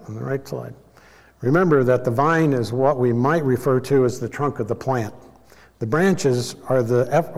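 A male Bible teacher delivers a sermon at mid pitch in a reverberant hall. He teaches calmly and explains things in a measured way, making small self-corrections along the way.

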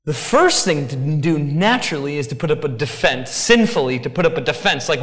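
A man preaching a sermon as pastor, talking in an animated, conversational way with asides. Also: fairly high pitch, a little fast, hardly any pauses, big-room sound.

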